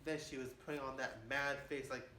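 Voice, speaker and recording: A man's voice: mid-range voice, fairly even intonation, fairly quick, sharp tone. A man in his twenties rambling boastfully in a casual monologue, often saying "man". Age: 20s. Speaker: vlogger. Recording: echoey room with faint hiss.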